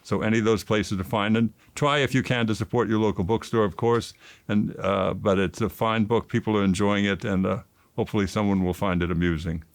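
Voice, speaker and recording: A man's voice: fairly quick, clean tone, dry recording. Emotional older man telling acting stories. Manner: emotional, rises in pitch when excited. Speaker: actor and author, interview guest. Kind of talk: animated storytelling interview.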